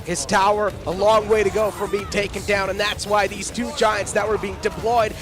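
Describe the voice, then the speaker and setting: A high-pitched man calls a live esports match, animated and teasing toward his co-casters. Music plays clearly behind him. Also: normal speed. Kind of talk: live game commentary.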